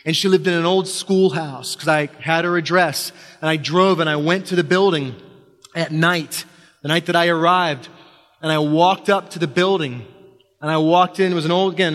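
A man's voice: a little high, fairly bright tone. Man telling a personal story in a reverberant hall. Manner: halting, full of restarts, building tension with repetition.

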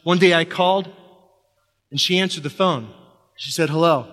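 A fairly high-pitched man tells a personal story on a stage, his words ringing with the long reverb of a hall. He halts and restarts often and leans on repetition to build tension. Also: normal speed, a bit bright.

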